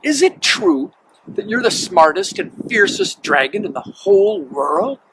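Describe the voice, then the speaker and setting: A man's voice: high voice, wildly swooping pitch, measured pace, vocal fry, voice pushed up, exaggerated voice. A man voicing a bold, clever young princess in a storybook reading, eager and exclaiming, on a noisy recording. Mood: flattering.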